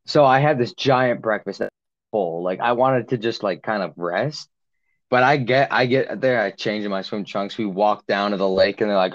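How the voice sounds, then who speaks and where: A man's voice: fairly low pitch, normal speed, muffled recording. A young man casually telling a long story on a podcast, rambling with many fillers and restarts. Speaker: podcast co-host.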